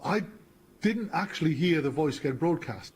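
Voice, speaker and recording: A man's voice: on the high side, lively intonation, normal speed, darkish tone, slightly rough. A man who works as a senior sound supervisor, casually recounting an incident in an interview. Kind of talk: interview anecdote.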